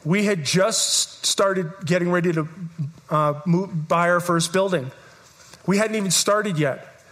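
A middle-aged man preaching from the pulpit in a notably high voice. He tells stories earnestly, stumbling and restarting his sentences as he goes. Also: measured pace, a bit bright. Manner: earnest storytelling with frequent restarts and repeated words. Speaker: pastor. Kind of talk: sermon.

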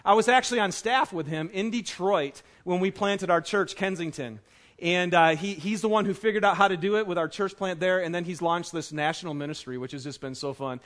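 A high-pitched man in his thirties preaching in a church auditorium. His sermon is loose and chatty, full of fillers, with eager family stories that pile up fast. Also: a bit bright. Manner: chatty and enthusiastic, many fillers. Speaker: pastor.

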